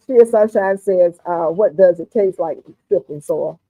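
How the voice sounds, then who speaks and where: A woman with a Southern US accent hosting a casual livestream chat, relaxed and talkative, often murmuring "mm-hmm" and reading comments aloud. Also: lowish voice, a little slow, dry recording. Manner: relaxed, chatty, frequent "mm-hmm". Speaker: livestream host. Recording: dry, phone-like narrow sound.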